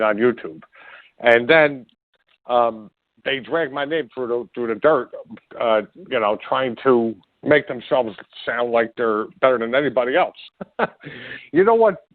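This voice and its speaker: A man rants on his podcast, voice at an ordinary pitch, fuming and firing off insults while tripping over his own words. The sound is thin and phone-like, and the room is dry and close. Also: no room sound. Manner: furious, insulting, rambling with restarts. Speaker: podcast host. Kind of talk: angry ranting monologue.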